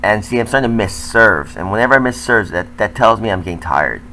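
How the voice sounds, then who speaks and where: A man's voice: fairly low pitch, lively intonation, a little fast, sharp tone, a little hiss or hum, rough recording. An older man, a tennis coach, talking candidly and self-critically as he comments over footage of his own match.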